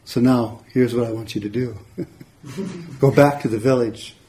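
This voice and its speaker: A man voicing a gentle, loving male ox with a soft, sweet, calm and compassionate voice. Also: medium pitch, moderate pace, lightly acted. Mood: calm, kindly. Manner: calm and patient.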